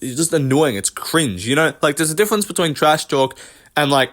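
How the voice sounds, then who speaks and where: A man's voice: a little high, lively intonation, a little fast, fairly bright tone. A man ranting casually about fighters in a vlog, rambling, profane and dismissive. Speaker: MMA commentary vlogger. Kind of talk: casual commentary rant.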